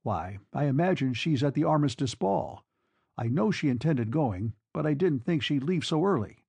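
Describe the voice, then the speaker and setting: A man's voice: fairly high pitch, animated, moderate pace, creaky, darkish tone, breathy edge, no echo, exaggerated voice. A man voicing a courteous male telephone caller who is slightly taken aback. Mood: polite.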